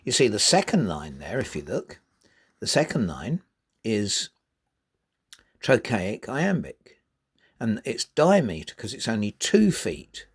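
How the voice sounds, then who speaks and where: A man giving a spoken lesson on poetry, reading verse aloud and stressing syllables deliberately to show rhythm. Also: on the low side, huge pitch swings, slightly rough. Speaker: poetry teacher.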